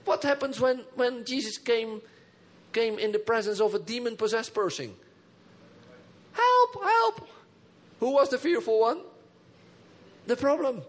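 Man pastor w a high voice preaching, gets the crowd to say stuff back, goes soft then loud. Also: moderate pace. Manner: engages the congregation with call and response; emphatic, swings between soft low phrases and high bursts. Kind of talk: sermon.

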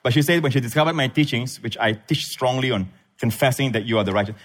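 A man preaching a sermon as pastor, emphatic, swinging between loud peaks and low asides. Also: fast talker, hardly any pauses. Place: church.

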